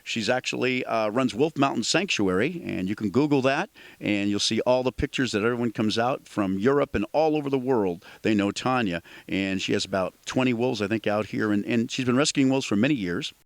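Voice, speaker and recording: A man, the show's host, introducing the segment in a conversational, slightly halting way. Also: mid-range voice, no echo. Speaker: show host. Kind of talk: introduction to camera.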